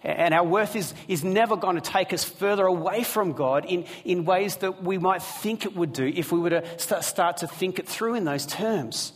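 A man's voice: high voice, normal speed, few pauses. Preaching man in a reverberant hall. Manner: earnest storytelling with asides to the congregation. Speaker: pastor. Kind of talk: sermon. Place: church hall with a live congregation.

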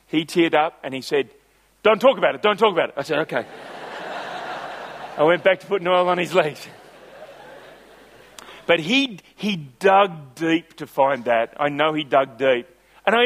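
A middle-aged man delivers a sermon in a fairly high voice. He moves between warm personal storytelling and emphatic, drawn-out preaching. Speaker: pastor.

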